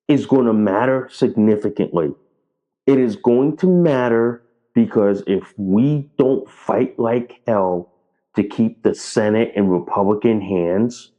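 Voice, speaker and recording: Male political commentator, blunt and profane, rallying viewers; slow, mellow delivery, dull lo-fi sound. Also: mid-range voice.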